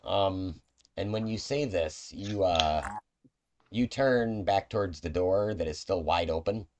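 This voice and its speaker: A man's voice: sits low, slow pace, darkish tone, slight background noise. A man narrating as game master of a tabletop game, loose and full of fillers.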